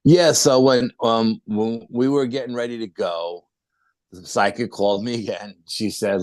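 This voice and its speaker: A man's voice: mid-range voice, fairly even intonation, unhurried, darkish tone, dry recording. A middle-aged man telling a ghost-hunting story in a casual, rambling way, full of fillers and restarts. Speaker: paranormal investigator guest.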